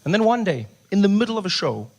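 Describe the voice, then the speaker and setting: A man, doing animated stand-up storytelling and jumping in and out of the voices of other people. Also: sits high, fast talker. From South Africa. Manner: animated, acts out voices, drops to a hush for effect. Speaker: stand-up comedian.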